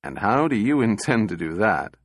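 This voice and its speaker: A man voicing a calm, unruffled male prosecutor who speaks evenly and with dry irony. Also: on the low side, normal speed, breathy edge, dry recording. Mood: cool. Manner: even, indifferent, dryly ironic.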